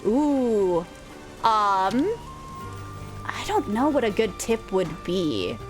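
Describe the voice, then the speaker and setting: A woman's voice: mid-range voice, big pitch swings, extremely slow, over music. A woman streaming a video game, chatting casually with viewers and laughing often. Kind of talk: casual livestream chat.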